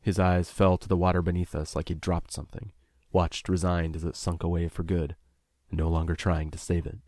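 A man narrating a first-person audiobook in a measured, introspective way, close to the mic. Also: low voice, level tone, darkish tone, no echo.

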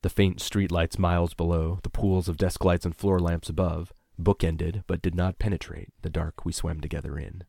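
A man narrating a tense first-person story in a measured, scripted reading. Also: deep voice, level tone, vocal fry, warm tone, dry recording, studio quality. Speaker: audiobook narrator.

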